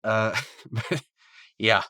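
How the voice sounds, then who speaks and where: A man's voice: on the low side, steady tone, very slow, sharp tone, no room sound, studio quality. A man hosting a podcast, recapping and reviewing a cartoon episode in a loose, rambling way with lots of fillers.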